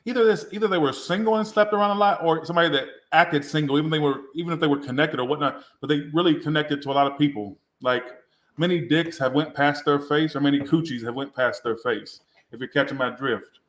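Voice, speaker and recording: Speaking fast in a slightly high, somewhat bright voice, a tarot reader does a live session. He rambles crudely, seems tipsy, and mocks himself, all captured with a roomy echo.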